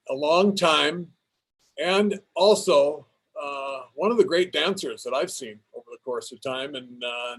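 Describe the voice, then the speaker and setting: A man moderating a press conference, chatty and casual, fumbling a little as he introduces a guest. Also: on the high side. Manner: chatty, slightly fumbling, many fillers. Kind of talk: casual hosting.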